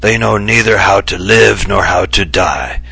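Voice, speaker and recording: A man's voice: lowish voice, measured pace, creaky, bright, forceful tone, husky, exaggerated voice. A man doing an impish, ailing old writer. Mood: mock-grave. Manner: mock-serious, mischievous, coughing bouts. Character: impish ailing older male writer, theatrical.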